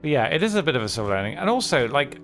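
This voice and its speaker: A man live-streaming a game, chatting casually in a candid, low-key, downbeat way. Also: very animated, very fast, fairly bright tone. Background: game music.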